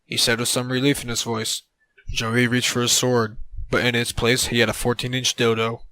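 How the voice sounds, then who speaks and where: A man narrating an absurd comedic story in a deadpan way on a close mic. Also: mid-range voice, normal speed, no room sound, poor audio.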